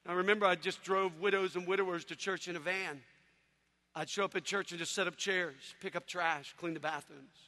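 A man preaching an energetic sermon, telling stories with animated shouts and sudden hushed drops. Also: high voice, a little fast, in a large hall. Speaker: evangelist speaker.

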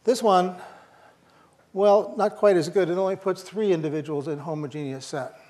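A man's voice: sits high, steady tone, moderate pace, mellow. An older man giving a university lecture, thinking aloud with fillers and restarts and slipping in dry jokes.

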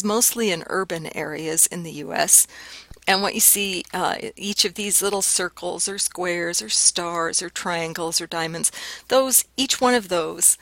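A woman giving a measured, clear linguistics lecture, explaining her points step by step. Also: lowish voice, a bit bright, dry recording. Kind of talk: recorded lecture.

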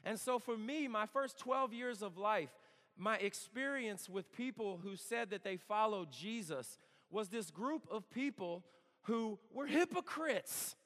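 A campus worship speaker in his thirties preaches in a high, expressive, slightly bright voice at a measured pace. His storytelling sermon is sincere and conversational, sprinkled with humor, and captured with long hall reverb.

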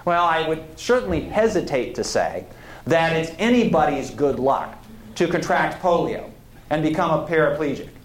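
A man's voice: fairly high pitch, very animated, normal speed. A man giving a conversational history lecture, digressing now and then and putting questions to his audience. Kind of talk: public lecture. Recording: roomy lecture hall.

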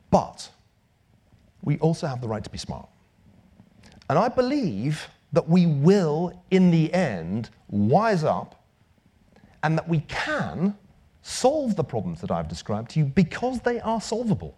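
A man's voice: fairly high pitch, a little slow, breathy edge. Male speaker at a lectern; wry, emphatic, voice rising and falling a lot. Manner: dry wit, lively emphatic delivery. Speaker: lecturer. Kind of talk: public lecture and Q&A.

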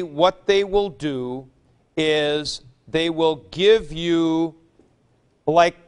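A Greek teacher lectures in a classroom with a board, moving slowly and patiently through each point and saying forms aloud as he works through them. His voice is fairly high, smooth and clear, with a fairly bright tone.

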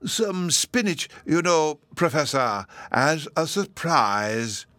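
A man voicing a vague, fussy empress with a prim, drawn-out way of speaking. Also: fairly high pitch, big pitch swings, bright, forceful tone, no room sound, studio quality, pitched above the performer's own voice, heavily acted. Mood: airy whisper.

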